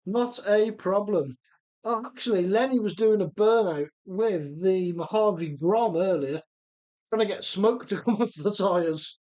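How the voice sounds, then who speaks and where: A man's voice: sits high, a little slow, a little mellow. Man, live-stream host, casual, easygoing, laughs a lot, reads chat aloud. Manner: chatty and easygoing, laughs often. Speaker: host of a radio-controlled car live stream. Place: home workshop.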